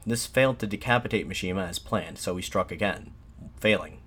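A man giving a scripted historical narration in a steady, measured reading with occasional restarts. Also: low-pitched, husky.

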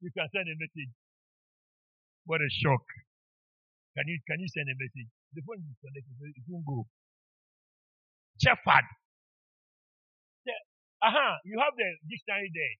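A man's voice: a little high, lively intonation, a little fast, long pauses, husky, no echo. A man preaching as bishop at a church retreat, playfully teasing his congregation and calling on people by name. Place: church meeting hall. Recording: dull lo-fi church recording.

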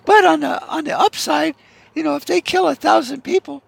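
A man voicing a cheery, callous female TV news co-anchor in a high falsetto as a mocking bit in a podcast rant. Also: normal speed, gravelly, fairly bright tone, no room sound, full character voice. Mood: fake cheerful. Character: chirpy woman TV news co-anchor.

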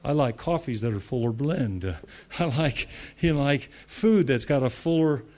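A man's voice: mid-range voice, lively intonation, unhurried, darkish tone. A man preaching a sermon with emphatic repetition, laughing between points.

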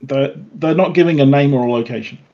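A man narrating a tabletop game as game master, calm and descriptive. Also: medium pitch, fast talker, lo-fi sound.

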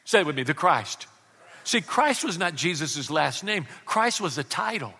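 A male pastor preaching a lively sermon and calling for responses from the congregation. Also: fairly high pitch, moderate pace, vocal fry, slightly rough, long reverb tail.

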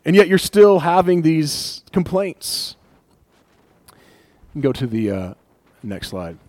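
Animated preacher, lively and dry. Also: male voice, a little high, slow pace, no room sound. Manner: animated, acts out voices of complainers with laughs. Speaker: pastor. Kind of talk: conversational sermon.

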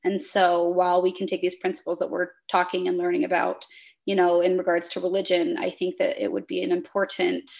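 A woman's voice: on the low side, gravelly. A woman on a podcast telling a story in casual conversation, animatedly acting out both sides of an imagined dialogue. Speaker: podcast guest.

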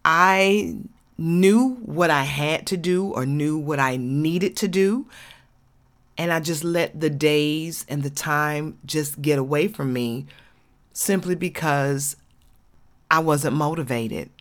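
A woman's voice: sits low, slow pace. A woman, hosting an inspirational podcast and talking candidly and folksily straight to her listeners. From Georgia, USA. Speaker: podcast host.

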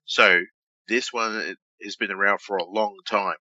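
An Australian man with a lowish, very bright, forceful voice, talking loosely and with some swearing as he co-hosts a podcast. The recording is dry and a bit dull, like a lo-fi home setup. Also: fairly even intonation, measured pace, no echo. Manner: loose and profane, restarts often. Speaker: podcast co-host. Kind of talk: casual chat, reading a news story aloud.

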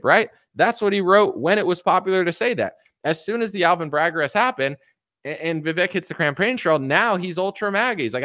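A man offers casual, animated political commentary on a stream, mocking the people he quotes and acting them out. His voice is high-pitched and fairly quick, recorded at studio quality with no echo.

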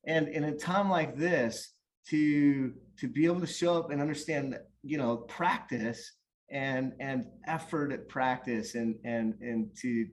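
A rambling, animated man telling coaching stories. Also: mid-range voice, unhurried. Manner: animated, rambling with many restarts. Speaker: guest or co-host, youth soccer coach. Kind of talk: casual storytelling.

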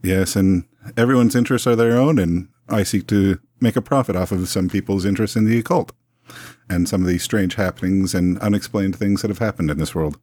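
A man voicing a pompous, smooth-talking 1920s museum owner with florid, long-winded speech in a tabletop role-play. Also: sits low, fairly quick, mellow, no room sound, studio quality. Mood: ingratiating.

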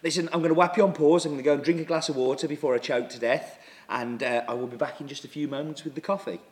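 A man's voice: a little high, fast talker, a little hiss or hum. A man hosting a coffee show, chatting casually and reading out viewer comments with plenty of fillers. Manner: relaxed, chatty, with many fillers and throat clearing. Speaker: coffee subscription show host.

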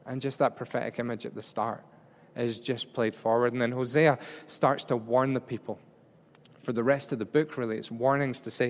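A man delivers a relaxed, conversational sermon, talking to his listeners like friends rather than orating. His voice sits at an ordinary middle pitch and carries a long reverb from a large hall. He slips into acting out paraphrased lines as he explains the text. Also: fairly quick. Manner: casual and chatty, acts out paraphrased speech. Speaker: preacher.

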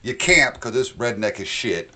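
A man's voice: medium pitch, lively intonation, normal speed, pushed and bright. A young adult man from North Carolina hosting a podcast, chatting loosely and cursing freely as he banters with his co-host and guest. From North Carolina, USA. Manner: loose, profane, laughing banter. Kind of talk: casual podcast chat.

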